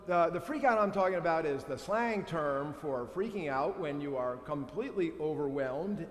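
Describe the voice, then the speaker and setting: A priest giving a playful sermon, acting out the quoted lines with sudden jumps in voice. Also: male voice, on the high side. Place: church sanctuary. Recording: echoey church with long reverb.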